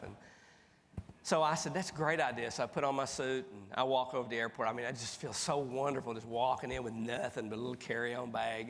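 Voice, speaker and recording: A man, telling funny stories as a keynote speaker in a folksy, animated way. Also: mid-range voice. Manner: folksy, animated, acts out dialogue. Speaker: motivational speaker. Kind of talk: humorous keynote storytelling. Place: large conference hall with audience. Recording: reverberant hall, faint background noise.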